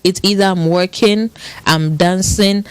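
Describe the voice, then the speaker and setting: A woman's voice: fairly low pitch, fairly even intonation, a little slow, smooth, no echo. A woman in her thirties in casual podcast chat, telling an emotional story with lots of quoted voices. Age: 30s.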